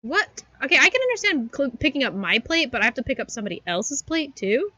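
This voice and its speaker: A woman in her thirties with a bright, sharp, fairly high voice talks herself through her game moves on a live stream. Her pitch swings widely as she chatters. The sound is dry and close to the mic. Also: sing-song, fast, no room sound. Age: 30s. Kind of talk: live gaming commentary.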